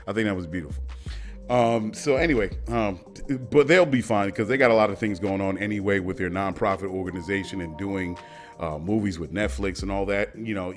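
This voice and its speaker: Animated man hosting a solo podcast. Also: fairly low pitch. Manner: loose, animated, riffing with slangy asides. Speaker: podcast host. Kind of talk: casual solo commentary.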